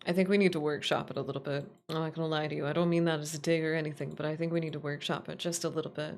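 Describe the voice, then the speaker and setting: Playful woman streamer, slightly low voice. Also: flat delivery, racing, vocal fry. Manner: playful, teasing, laughs often. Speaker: VTuber streamer. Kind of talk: casual live-stream chat.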